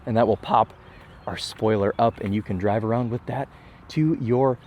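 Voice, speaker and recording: A man's voice: lowish voice, moderate pace, a little mellow, a little hiss or hum. A young man from Michigan giving casual, enthusiastic car walkaround commentary with chatty, self-deprecating asides. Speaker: car reviewer.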